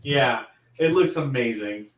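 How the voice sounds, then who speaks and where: A man co-hosting a casual movie podcast, excitable and rambling, laughing a lot, recorded in an echoey room away from the mic. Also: medium pitch, a little slow, far from the mic, slight background noise. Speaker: podcast co-host.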